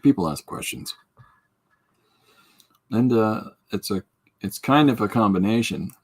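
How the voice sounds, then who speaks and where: The host here has a lowish, slightly mellow and slightly rough voice, animated yet measured in pace. He rambles and jokes through a casual podcast livestream while drawing, reading out chat comments and answering them.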